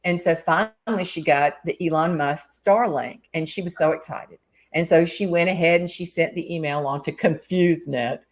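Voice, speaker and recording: A woman's voice: sits low, normal speed. A woman hosting a casual video-call chat, telling a funny story and acting out the voices of the people in it. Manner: animated, acts out other people's voices in her stories. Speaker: host.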